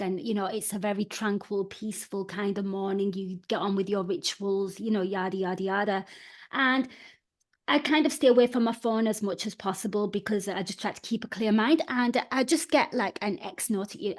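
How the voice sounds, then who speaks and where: A woman telling a story on a podcast over a video call, relaxed and chatty. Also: mid-range voice. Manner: relaxed, chatty, uses fillers like yada yada. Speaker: podcast guest. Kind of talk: casual storytelling.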